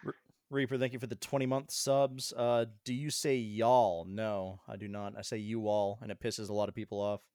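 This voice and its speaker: A man's voice: on the low side, flat delivery, normal speed, a little mellow, smooth, dry recording, clean studio sound. A young man from Colorado co-hosting a live stream, chatting casually and swearing freely as he tells stories. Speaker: stream co-host. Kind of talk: casual chat.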